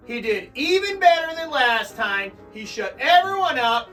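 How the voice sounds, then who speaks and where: A young man co-hosting a casual sports chat show, loud and joking as he hypes segments. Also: very high voice, big pitch swings, a little slow. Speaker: podcast co-host. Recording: distant mic with faint music.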